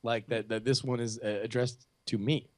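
A man's voice: mid-range voice, level tone, moderate pace, a little mellow. A man co-hosting a podcast, chatting casually about TV shows with many restarts and fillers. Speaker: podcast co-host. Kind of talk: casual chat.

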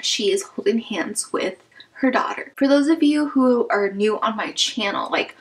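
A young woman from Kansas with a slightly high voice talks through her fan mail in a casual vlog. She gushes and gets emotional, and she fills her sentences with "like". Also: unhurried, low-quality recording. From Wichita, Kansas. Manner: gushing, emotional, many "like" fillers. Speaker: YouTube channel host.

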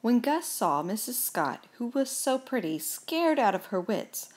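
A woman reading a children's picture book aloud, expressive and unhurried. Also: fairly high pitch, slightly rough. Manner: slow, expressive storytelling. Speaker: storybook reader.

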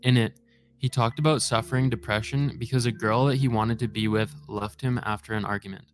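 A man narrating a documentary segment in an even, matter-of-fact way. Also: mid-range voice, fairly quick, faint music behind. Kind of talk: scripted narration.

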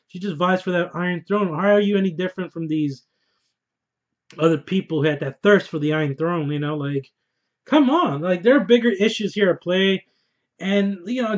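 A man doing a casual spoiler review of a TV episode, excitable and profane, often laughing as he talks. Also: sits high, muffled recording. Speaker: TV show reviewer.

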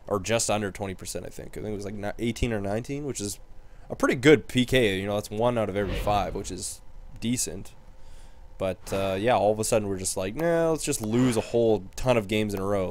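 A young man commenting casually on his own video game session, rambling and exasperated as he talks to himself. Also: fairly low pitch. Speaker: gaming commentator.

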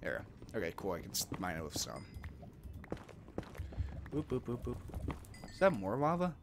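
A young man doing casual let's play commentary, talking to himself and swearing a lot, swinging from mumbles to loud outbursts. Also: low voice, wildly swooping pitch, fast, vocal fry, noisy background. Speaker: gamer.

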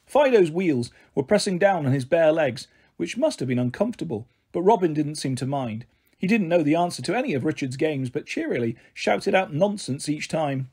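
A man reading a children's book aloud as a storyteller, in an expressive, animated way. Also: on the high side, moderate pace, slightly rough.

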